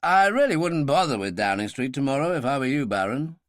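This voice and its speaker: A man's voice: mid-range voice, sing-song, fairly quick, dry recording, close to an everyday voice. A man doing a dry, clipped old general. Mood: composed. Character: older British male general, dry and composed.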